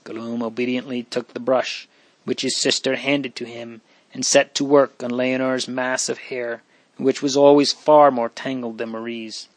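A man reads a period novel aloud in a measured, even storytelling voice. His pitch sits in the middle range. The recording is dry and close, with no room sound. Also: dry recording. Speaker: audiobook narrator. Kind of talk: scripted narration of a period novel.

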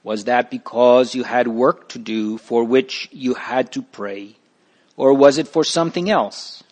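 A man's voice: medium pitch, a little slow, a little mellow, close to an everyday voice. A man voicing an eager, curious male pilgrim in a storybook reading, pressing with questions.

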